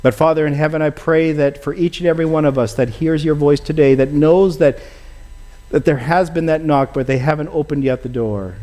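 A man's voice: on the high side, brisk, dark tone. A man preaching a sermon and leading a closing prayer, earnest and pleading, often calling his listeners friends.

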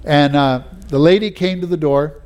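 A man's voice: fairly high pitch, moderate pace, darkish tone. Folksy preacher man telling stories. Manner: folksy storytelling, many "you know"s and restarts. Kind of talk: sermon with personal anecdotes.

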